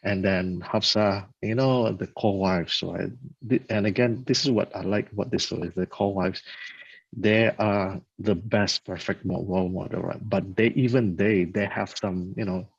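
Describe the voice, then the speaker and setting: A man telling religious stories in a casual, halting way, often checking in with his listener. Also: sits low, steady tone, vocal fry, breathy edge, no echo. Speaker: religious talk speaker. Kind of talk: casual religious storytelling talk. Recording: dull lo-fi dry recording.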